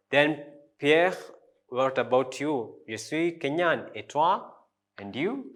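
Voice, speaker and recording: A man teaching a French lesson, repeating each phrase slowly and spelling out the pronunciation. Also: fairly high pitch, animated, fairly bright tone, slight background noise. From Africa. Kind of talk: language lesson.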